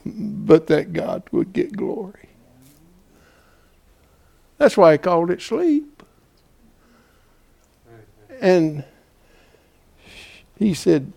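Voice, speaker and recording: A male preacher delivering a folksy, dramatic sermon, swinging between hushed whispers and shouts. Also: sits high, wildly swooping pitch, very slow, creaky, pauses often, slightly rough.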